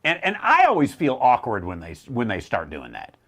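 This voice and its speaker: Wry, animated middle-aged male theologian. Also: mid-range voice, moderate pace, breathy edge. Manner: animated, wry, jumps into mocking voices. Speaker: theologian answering questions. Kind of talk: casual teaching talk.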